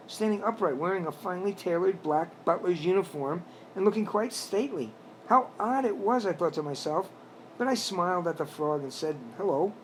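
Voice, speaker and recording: A man narrating his own storybook tale in a plain, slightly halting reading voice. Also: high voice, slight background noise, low-quality recording. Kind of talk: reading a self-written story aloud.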